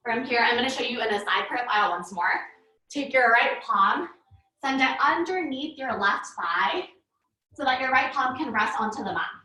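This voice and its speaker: A woman guides a live online yoga class, calmly cueing each breath and pose while slightly out of breath. Her voice is high and bright. It carries from a camera across an echoey room. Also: moderate pace, recorded from a distance. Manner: calm cueing, breath-paced instructions. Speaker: yoga teacher.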